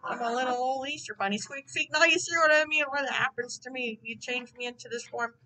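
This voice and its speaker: A woman voicing a grumpy, quick-tempered bald male math teacher in his forties, indignant and threatening. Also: sits high, bright, forceful tone, poor audio. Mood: exasperated.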